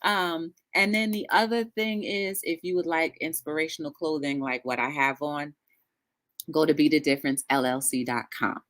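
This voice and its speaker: A woman hosting a live-streamed talk show, greeting chat viewers by name in a lively, sing-song way. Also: deep voice, normal speed, no echo.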